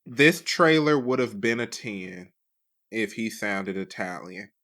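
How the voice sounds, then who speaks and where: A man's voice: on the low side, takes it slowly. A man co-hosting a podcast, chatting casually and emphatically about movie trailers, often saying "bro". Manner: animated, emphatic, says "bro" a lot. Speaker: podcast co-host.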